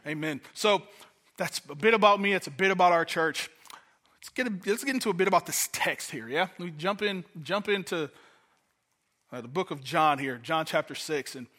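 Guest pastor from Detroit, man, bright and slightly high, chatty sermon delivery. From Detroit, USA. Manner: conversational, repeats words when starting a thought.

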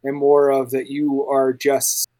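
Guy running a tabletop game on a podcast, rambly and excited, keeps restarting his sentences. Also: mid-range voice, unhurried. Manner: rambling, self-interrupting, enthusiastic. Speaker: game master. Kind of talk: casual podcast chat planning a character.

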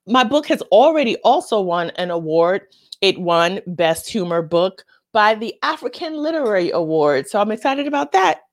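A woman hosting a show, talking casually and comedically with animated, excitable jumps in her voice. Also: a little high, moderate pace. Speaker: host.

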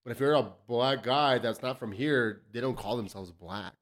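A man from El Paso, Texas, hosting a podcast in loud, joking, profane casual chat and laughing often. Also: mid-range voice, normal speed. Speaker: podcast host.

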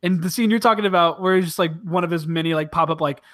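A man co-hosting a casual podcast chat, retelling scenes with lots of swearing and quick mock quotes. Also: on the high side. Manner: profane, animated retelling with quoted voices. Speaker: podcast co-host.

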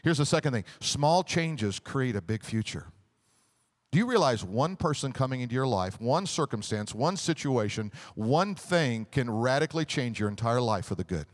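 A man preaching a sermon as pastor, animated, with a joke and call-and-response. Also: medium pitch, normal speed.

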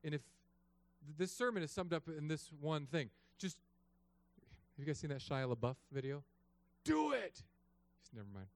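A man in his thirties, a pastor, telling a story in a sermon with an animated, joking delivery. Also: fairly high pitch, moderate pace, no room sound. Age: 30s.

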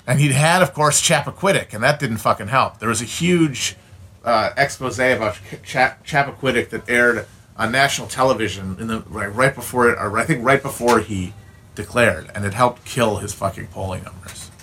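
A man's voice: mid-range voice, normal speed, sharp tone, husky. A man with an Upper Midwestern accent who streams, ranting casually in a profane, blunt and opinionated way with frequent restarts. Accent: Upper Midwestern American.

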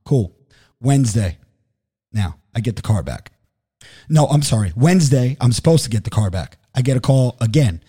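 A man telling a story in a casual chat, animated and profane, acting out both sides of phone calls. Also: medium pitch, normal speed, slightly rough.

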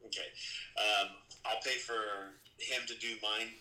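Low bright-voiced male player, echoey room. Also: fairly even intonation, unhurried. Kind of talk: playing a tabletop game. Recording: roomy echoey sound with faint noise.

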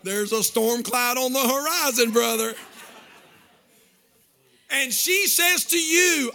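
High, bright-voiced preaching man. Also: takes it slowly, pauses often. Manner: impassioned preaching with sing-song cadence and bursts of shouting; folksy, chuckling asides to the congregation. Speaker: pastor. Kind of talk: sermon.

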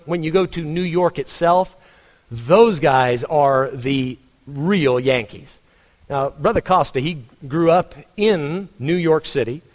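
A Texan pastor preaches in a loose, conversational way, firing off rhetorical questions and restarting his sentences. His voice sits a little high for a man, and a long hall reverb trails after his words. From Texas. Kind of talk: sermon.

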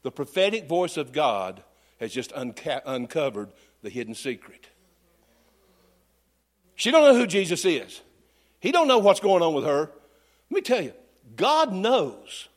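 High-voiced preacher man. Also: sing-song, measured pace, pauses often. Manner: folksy, humorous storytelling preacher. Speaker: pastor. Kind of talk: sermon.

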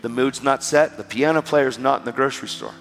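A man preaching a sermon, telling a story with animated, emphatic exhortations. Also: medium pitch, brisk, creaky. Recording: reverberant hall with music behind.

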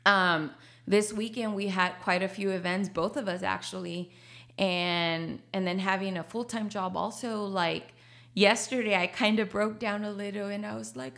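A woman's voice: mid-range voice, steady tone, moderate pace, creaky, fairly bright tone. A woman, a coffee shop owner talking casually in an interview, laughing often and slipping into Spanish. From Texas.

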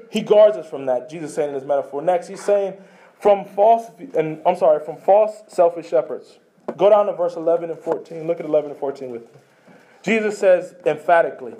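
A man preaching a sermon in a rather high voice with a mellow, warm tone. He presses points with emphasis, then drops to soft, hushed phrases. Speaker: pastor.

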